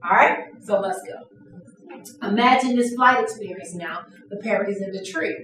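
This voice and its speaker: A woman trainer leading an interactive classroom lesson, lively and playful, acting out examples. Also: medium pitch, normal speed, slight background noise. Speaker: workshop trainer. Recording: echoey room from a distance.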